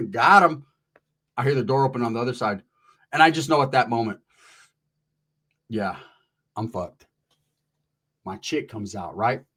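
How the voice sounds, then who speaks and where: A Northern California man with a mid-range, slightly breathy voice tells a wild personal story at a measured pace, pausing often. He uses casual, profane street slang sprinkled with Spanish words. He's animated, playing out the people in the tale.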